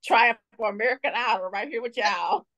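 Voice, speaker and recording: A woman's voice: on the high side, fairly quick, dull audio, over a noisy crowd. A woman on a group call, laughing often between her words. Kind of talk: casual, emotional thanks.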